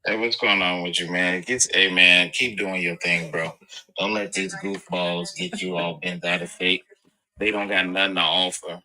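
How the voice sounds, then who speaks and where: A man calling into a live stream panel, chatting in a relaxed, mocking way. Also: sits low, moderate pace, low-quality recording. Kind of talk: casual opinion chat.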